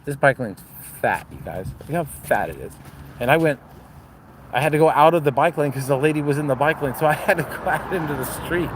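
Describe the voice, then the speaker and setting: A man's voice: a little high, animated, a little fast, rough recording. Casual man walking dogs on a busy street. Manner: casual, swears freely, chatty, talks to dogs. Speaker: dog breeder vlogger. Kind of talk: casual livestream chat while dog walking. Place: outdoors on a city street. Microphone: phone held while walking. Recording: outdoor street noise, traffic. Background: traffic and street noise.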